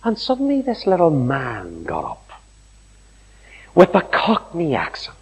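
Animated preacher in a reverberant hall. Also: male voice, on the high side, a little slow, breathy edge. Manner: animated storytelling, acting out quoted voices. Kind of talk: sermon.

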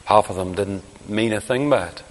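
A man preaching a sermon, telling a story dramatically, swinging from hushed asides to crying out. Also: lowish voice, moderate pace, a little hiss or hum. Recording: long hall reverb.

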